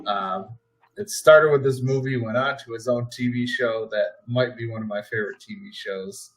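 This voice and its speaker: A man's voice: mid-range voice, steady tone, moderate pace, faint music behind, poor audio. A man hosting a podcast, chatting casually in an easygoing way. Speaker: podcast host. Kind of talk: casual chat.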